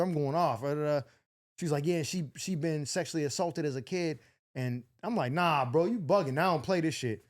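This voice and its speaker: A young man telling a wild story in casual chat, animated, swearing freely and acting out the other people's lines. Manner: animated, acts out quotes with big pitch jumps, swears freely. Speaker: podcast host.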